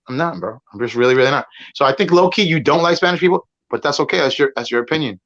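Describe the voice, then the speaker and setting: Puerto rican guy going off, cursing and rambling, kinda high voice, muffled audio. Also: expressive, fast talker, a bit bright. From Puerto Rico. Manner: profane, rambling, talks over others. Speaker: guest debater on a stream. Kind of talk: heated argument.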